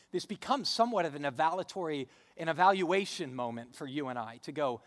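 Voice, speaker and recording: A man's voice: fairly high pitch, animated, fairly quick, few pauses, fairly bright tone. A pastor in his thirties preaching a sermon, conversational and storytelling, pressing harder on key points. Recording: long hall reverb.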